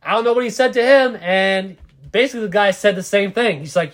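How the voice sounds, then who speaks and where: Young man, high voice, rambling, swears a lot, casual podcast chat. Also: a little fast, a bit bright. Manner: rambling, profane, trails off. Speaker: podcast co-host.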